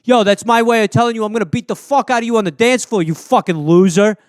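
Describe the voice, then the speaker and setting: A man's voice: high-pitched, fast, smooth, dry recording, studio quality, natural voice. A man playing a foul-mouthed, belligerent male tough guy, in a comedy bit. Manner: swearing, threatening, belligerent.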